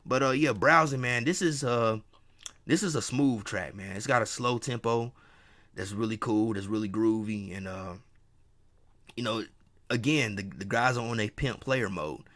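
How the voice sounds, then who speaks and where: A man's voice: mid-range voice, normal speed, fairly bright tone. A man casually reviewing a hip hop album track by track, enthusiastic and repeating himself, dropping "man" often. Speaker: music reviewer.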